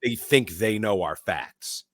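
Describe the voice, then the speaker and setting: A man co-hosting a podcast, casually recapping a film scene by scene and acting out the characters' lines in quick put-on voices. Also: on the low side, lively intonation, a bit bright, dry recording, studio quality. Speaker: podcast co-host. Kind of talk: casual movie recap chat.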